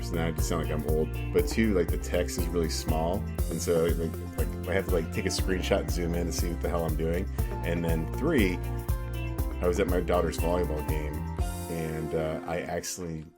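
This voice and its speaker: Laid-back deep-voiced male co-host. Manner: rambling, laid-back, lots of "like". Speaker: podcast co-host. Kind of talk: casual podcast chat.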